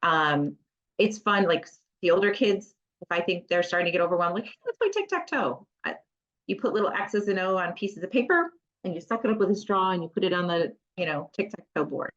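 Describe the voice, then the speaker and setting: Woman therapist explaining with practical warmth. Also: on the low side, brisk. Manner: conversational, practical, with playful acted asides to children. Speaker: occupational therapist. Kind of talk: presenting a parent education webinar. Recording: slightly muffled lo-fi audio.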